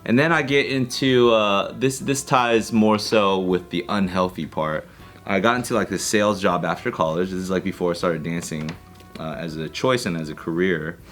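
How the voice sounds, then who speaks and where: A man's voice: deep voice, moderate pace, fairly bright tone, faint music behind. A man on a podcast telling a rambling, profane story, full of fillers. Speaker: podcast guest. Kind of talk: casual chat.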